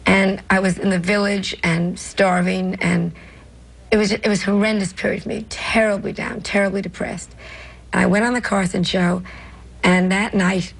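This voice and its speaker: A woman's voice: mid-range voice, fairly even intonation, normal speed, vocal fry, breathy edge, low-quality recording. An older woman, a comedian with a New York accent, telling stories in an interview with brash, self-mocking asides. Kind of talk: interview storytelling.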